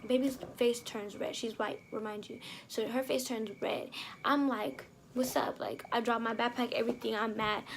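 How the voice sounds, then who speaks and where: A young woman telling a storytime vlog in a lively, slangy way, acting out scenes with sound effects. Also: a little high, slight background noise. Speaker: vlogger.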